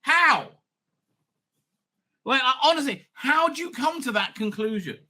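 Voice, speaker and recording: Excitable high-voiced middle-aged man. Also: unhurried. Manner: excitable, profane and blunt, laughing often, trailing off mid-thought. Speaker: show host reviewing TV episodes. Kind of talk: casual rambling review monologue.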